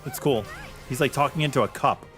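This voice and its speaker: A man's voice: medium pitch, fairly quick, a bit bright, faint music behind. A man streaming a video game, chatting casually with his viewers and sharing blunt opinions. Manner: chatty and opinionated, reacting to chat. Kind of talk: casual live-stream chat.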